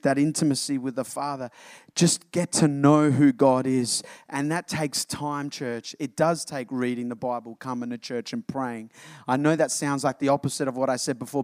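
A man preaching an animated sermon to his congregation, often calling them church. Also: medium pitch, no echo, clean studio sound. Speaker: pastor.

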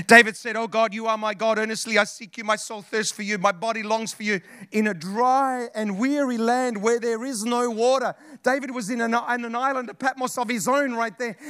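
A male pastor preaches a passionate sermon, repeating phrases and calling out to the congregation. His very high voice is bright and forceful, captured with clean studio sound and no room sound.

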